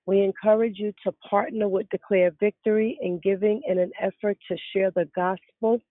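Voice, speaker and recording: Fifties woman, prayer-line hostess, even flat delivery over a tinny phone line. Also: medium pitch, normal speed, no room sound. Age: 50s. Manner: warm, greeting each caller. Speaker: prayer call host. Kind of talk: welcoming callers on a prayer line.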